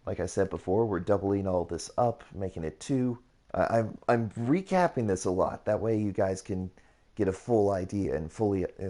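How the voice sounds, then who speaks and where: Low, mellow-voiced man rambling through a tutorial. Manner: rambling, repetitive, self-correcting. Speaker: YouTuber hosting a gaming channel. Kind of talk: casual build tutorial commentary.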